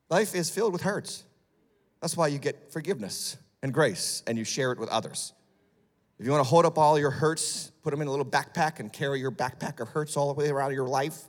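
A male lead pastor preaching a sermon, blunt and sarcastic, dropping low and then rising to loud, emphatic peaks. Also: fairly quick, in a large hall. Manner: emphatic, swings from hushed to shouting. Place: church sanctuary.

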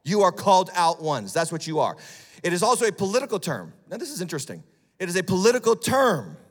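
A male lead pastor preaching a sermon, blunt and sarcastic, dropping low and then rising to loud, emphatic peaks. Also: sing-song, fast talker, in a large hall. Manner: emphatic, swings from hushed to shouting. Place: church sanctuary.

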